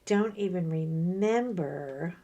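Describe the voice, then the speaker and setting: A middle-aged woman talks casually over her crafting, a storyteller who slips into other people's voices to act out what they said. Her voice sits a little low for a woman. She sounds sore after a workout. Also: takes it slowly, highs cut off. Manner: chatty storyteller, animated, acts out quoted voices. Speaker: crafting vlogger. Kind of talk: casual chat while crafting.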